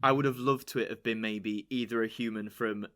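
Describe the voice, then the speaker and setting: A chatty man from England hosts a relaxed interview. He talks in an animated way, often jumping up into high quoted voices. His voice has a bright, forceful edge. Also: a little fast. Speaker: podcast host. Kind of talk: casual interview chat.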